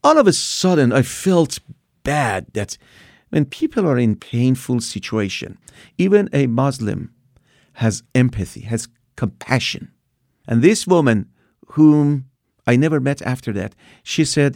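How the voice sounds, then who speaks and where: Man in his sixties, gravelly voice, dry close sound, animated storytelling. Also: mid-range voice, unhurried, dry recording. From Iran. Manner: animated retelling with acted-out quotes. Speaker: guest telling his testimony. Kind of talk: personal storytelling.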